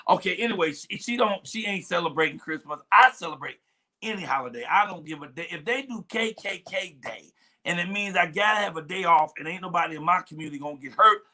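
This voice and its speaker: A man's voice: sits high, sharp tone. A man hosting a comedic morning show, joking exuberantly and breaking into song.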